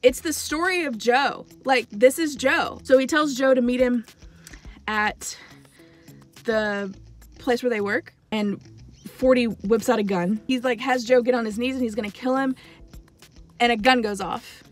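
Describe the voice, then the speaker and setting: A young woman talks through a TV plot in a loose, gossipy way, dropping fillers and stopping for dramatic asides. Her voice sits a little high. Faint music runs underneath. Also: fairly even intonation, unhurried, pauses often. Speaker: TV show reviewer. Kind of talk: casual spoiler recap.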